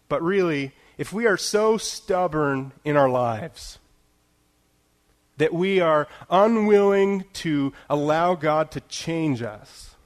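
Man, sermon, conversational preacher, slightly high voice, filler-heavy, emphatic slowed phrases. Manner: conversational, many "you know" fillers, laughs at himself. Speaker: pastor.

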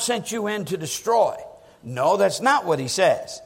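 In a large hall with long reverb, a high-voiced male preacher delivers his sermon a little slowly. His pitch moves in wide, lively arcs, pressing hard on key words and sinking low to drive points home.

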